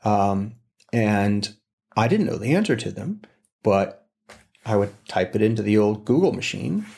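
Middle-aged man, conversational guest, lively anecdotal delivery. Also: on the low side, a little slow, creaky. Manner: animated storyteller, acts out quotes. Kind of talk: casual conversation.

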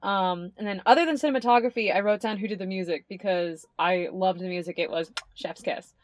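A woman's voice: medium pitch, fairly quick, no echo, clean studio sound. A young adult woman co-hosting a podcast in casual chat, rambling, swearing and laughing often. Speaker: podcast co-host.

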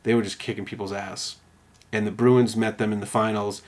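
A man's voice: fairly low pitch, flat delivery, brisk. A man co-hosting a podcast, telling a sports story in casual, profane chat and acting out quotes. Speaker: podcast co-host.

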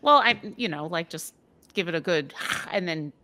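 A woman's voice: lowish voice, lively intonation, moderate pace, pushed and bright. A woman playing in a tabletop game, talking in a rambling, hesitant way with lots of fillers. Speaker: player. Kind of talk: casual tabletop play.

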